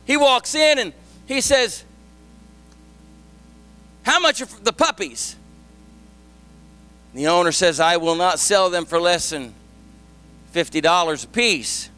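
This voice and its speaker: A male pastor telling a story in his sermon, then preaching with rising, shouted emphasis. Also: sits high, lively intonation, takes it slowly, pauses often, clean tone, soft background music.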